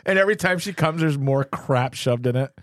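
A man's voice: mid-range voice, a little fast, dry recording, studio quality. A man hosting a casual podcast from a cluttered home office. He rants in frustration and fires off rhetorical questions. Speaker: podcast host. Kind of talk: casual opinionated chat.

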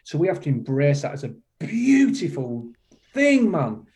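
A man's voice: fairly high pitch, very animated, moderate pace, dark tone. A middle-aged man from the UK, a kindness coach speaking as a guest on a podcast, talking with passion and emphasis, repeating his key phrases. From United Kingdom. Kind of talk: podcast interview conversation.

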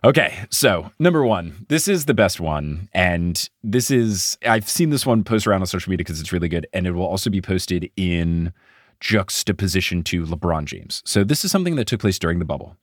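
A man's voice: sits low, a little fast, no echo, studio quality. A man co-hosting a podcast, telling stories in a casual chat and laughing often. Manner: laughs often, animated storytelling. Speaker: podcast co-host.

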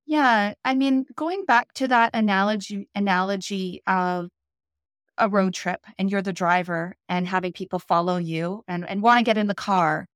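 A woman who coaches public speaking, a guest on a podcast, explaining in a measured, instructive way. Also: mid-range voice, steady tone, smooth, no room sound, studio quality. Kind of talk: podcast interview.

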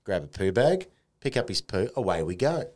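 An Australian man hosting a podcast, telling stories in a casual, animated way with plenty of colourful slang. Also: on the low side, normal speed, slight background noise. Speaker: podcast host. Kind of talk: casual chat.

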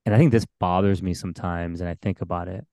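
A very low-voiced man talking in a casual podcast conversation. He is a pastor, and he speaks earnestly and thoughtfully, with frequent fillers and restarts. The recording is close and dry. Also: steady tone, quick pace, dark tone, dry recording.

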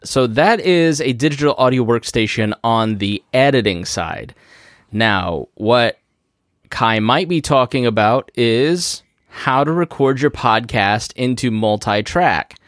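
A man hosting a podcast, casually explaining recording step by step with quick asides, from a studio microphone. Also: medium pitch, lively intonation, fairly bright tone, no echo. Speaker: podcast host. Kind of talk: casual instructional talk. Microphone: studio podcast microphone through a mixer.

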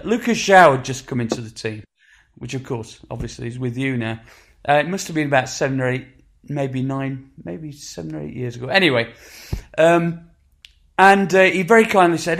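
A man in his sixties with a Sheffield accent, telling stories in a casual chat with lively acted-out quotes and frequent restarts. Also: medium pitch. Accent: Sheffield English. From England. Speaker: musician guest.

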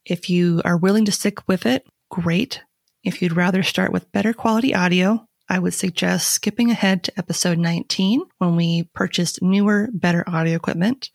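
A woman's voice: fairly low pitch, fairly even intonation, moderate pace, vocal fry. A woman hosting a podcast, chatting casually and upbeat with her co-host.

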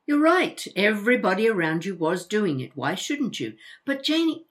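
Brief: actress as older mum, chatty and blunt, tripping over words, lively intonation. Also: female voice, mid-range voice, normal speed, lightly acted. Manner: animated, stumbling over words when flustered. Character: chatty older mother, outspoken, quick to apologize. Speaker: mother. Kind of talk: audio drama dialogue.

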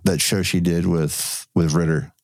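A man's voice: low-pitched, steady tone, a little slow, no echo, studio quality. A man co-hosting a podcast in casual chat, rambling and loose, with restarts and cursing. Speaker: podcast co-host.

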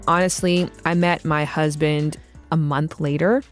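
A woman in her thirties telling a story in casual chat, animated, acting out quotes and laughing often. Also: low voice, measured pace, over music. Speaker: guest.

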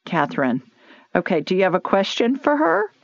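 A woman with a Southern US accent, hosting a call-in radio show, upbeat and chatty and quick to laugh. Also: medium pitch, huge pitch swings, vocal fry, dry recording. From Alabama. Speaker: radio show host and psychic medium. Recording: dull, lo-fi broadcast audio.

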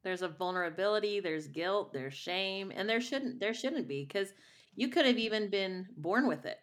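A woman's voice: mid-range voice, lively intonation, moderate pace. A middle-aged woman, a voice teacher and singer, telling a personal story candidly in a rambling way with many restarts.

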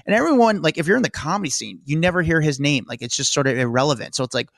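A man's voice: on the high side, animated, rapid-fire, vocal fry, fairly bright tone, no echo, clean studio sound. A man co-hosting a celebrity news show, giving blunt, mocking opinions in loose rambling talk. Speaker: co-host. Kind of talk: casual celebrity news chat.

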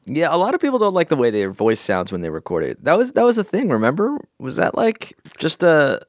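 A man's voice: on the high side, wildly swooping pitch, a little fast, dry recording, studio quality. A man co-hosting a comedy advice podcast, chatting casually, laughing and teasing playfully. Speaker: podcast co-host.

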